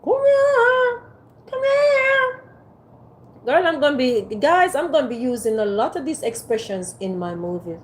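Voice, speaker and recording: A woman's voice: a little high, fairly quick, hardly any pauses, slight background noise. A woman hosting a casual livestream from a phone on a ring light, playfully teasing and coaxing her viewers to type in the chat. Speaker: livestream host.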